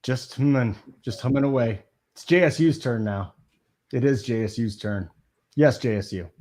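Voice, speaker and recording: A man's voice: medium pitch, normal speed, a little mellow. A man hosting a live sports picks show, brash and teasing, pushing his co-hosts along and reading viewer questions. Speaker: host.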